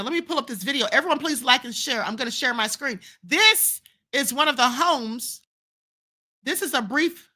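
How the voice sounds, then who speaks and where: A woman with a high, pushed, bright voice hosts her own livestream through a streaming setup mic. Her commentary is fiery, packed with rhetorical questions and lines repeated for emphasis.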